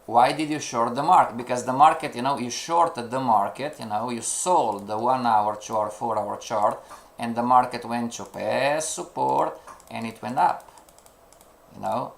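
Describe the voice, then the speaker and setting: An unhurried, creaky, mid-range male voice belongs to a trading instructor teaching a live lesson to students. His English is non-native, so he sometimes hunts for words, and he keeps checking that they follow with "you know" and rhetorical questions.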